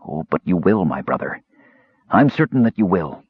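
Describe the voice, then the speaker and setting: A man's voice: low-pitched, very animated, moderate pace, slightly rough, no echo, phone-quality sound, heavily acted. A man voicing a thin, sickly young male mage in an audiobook, with a cold, clipped, scornful way of talking. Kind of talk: audiobook character voice.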